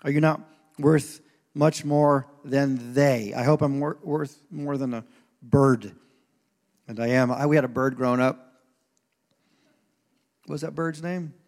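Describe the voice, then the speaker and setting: A male pastor delivers a casual, joking sermon in a church sanctuary, acting out quoted voices, with long hall reverb on the recording. His mid-range, darkish voice stays fairly even in intonation, measured in pace, with long pauses.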